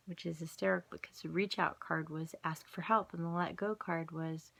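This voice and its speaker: A woman's voice: on the low side, fairly even intonation, moderate pace, gravelly, fairly bright tone. A woman vlogger telling a rambling, self-mocking story in a casual way, breaking into laughs.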